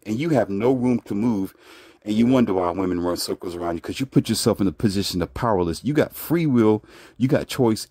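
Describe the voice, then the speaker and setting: Man, relationship commentator, blunt, brash, lecturing, lowish voice. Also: mellow, no room sound, studio quality. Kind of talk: casual commentary monologue.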